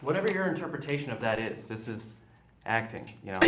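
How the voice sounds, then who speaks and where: A man interviewing a guest in a comedy show, teasing in a crude, deadpan way. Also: mid-range voice, fast talker, crowd noise.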